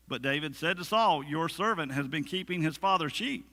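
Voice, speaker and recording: A man's voice: on the high side, expressive, normal speed, hardly any pauses, sharp tone, long reverb tail. A man preaching a sermon as pastor, conversational, with humorous asides and acted-out quotes. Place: church sanctuary.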